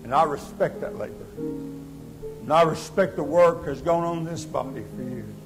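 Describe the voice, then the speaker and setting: A man preaching a sermon as pastor, surging to loud exhortation and sinking to quiet appeals. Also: moderate pace, faint music behind, rough recording. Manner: impassioned, rising to loud exhortation then dropping low. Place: church sanctuary.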